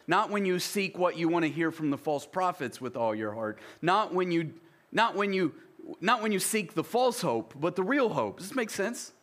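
A man's voice: high voice, animated, normal speed, fairly bright tone. A middle-aged man pastor preaching a sermon in a conversational way, reading scripture aloud and then explaining it.

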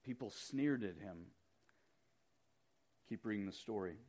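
A middle-aged man preaching a sermon as pastor, conversational and animated as he retells the story. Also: mid-range voice, normal speed, pauses often, muffled recording.

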